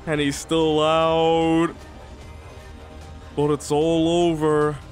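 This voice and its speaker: A reaction host commenting on a cartoon, emotional and close to tears. The talk is very slow and drawn out, with faint music from the show behind. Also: medium pitch, completely flat delivery.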